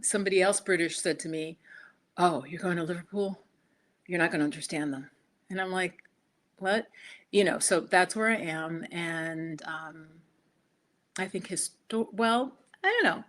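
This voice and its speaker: A woman with a slightly low voice hosts a yoga live stream from her laptop. She talks in a loose, chatty way, wandering off topic and poking fun at herself. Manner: chatty, rambling, laughs at herself. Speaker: yoga and meditation host. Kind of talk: casual live-stream chat. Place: indoors, home set-up with laptop.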